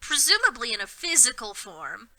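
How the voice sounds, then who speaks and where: A young woman reads fanfiction aloud with sarcasm, breaking off into animated banter and swearing. Her voice is bright and sharp, sitting a little high. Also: normal speed. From Florida, USA. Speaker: podcast co-host reading fanfiction. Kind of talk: comedic dramatic reading and banter.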